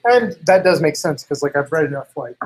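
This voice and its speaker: A man's voice: fairly high pitch, animated, a little fast, a little hiss or hum, low-quality recording. A man in casual chat, rambling with lots of fillers and acting out quotes. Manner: rambling, heavy use of "like" and "you know"; acts out others' lines in quotes.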